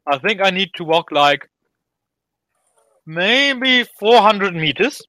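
A man's voice: high-pitched, animated, takes it slowly, pushed and bright, dry recording, low-quality recording. A man from Germany, chatting emphatically on a call. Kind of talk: casual chat. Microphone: video call.

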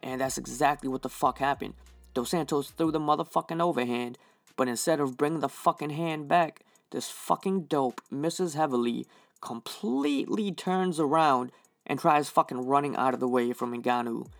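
A man's voice: on the high side, moderate pace, creaky, dry recording. A young man hosting a casual fight review, talking in a heated, rambling way and swearing constantly. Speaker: fight podcast host.

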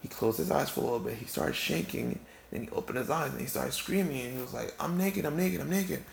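A man's voice: mid-range voice, fast, gravelly, slight background noise. A man delivering a rambling comedic monologue, full of asides and restarts. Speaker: comic storyteller. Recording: roomy, with faint background ambience.

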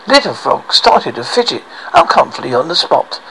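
A man narrating a children's storybook aloud, expressive, with small slips and restarts. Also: fairly high pitch, normal speed, a little hiss or hum, poor audio.

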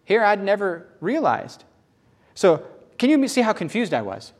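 A man preaching a sermon, emphatic and repetitive, swinging between loud bursts and hushed lines. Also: a little high, very animated, normal speed.

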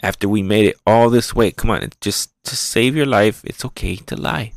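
Battered young man's inner thoughts, voiced by a man, low and hushed. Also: moderate pace, creaky, no echo, clean studio sound. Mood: urging. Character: beaten young man thinking to himself.

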